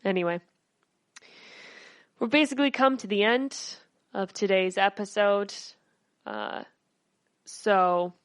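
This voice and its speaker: A woman's voice: medium pitch, expressive, takes it slowly, pauses often, clear, resonant tone, no room sound. A woman podcast host reading news stories aloud, her speech slightly slurred.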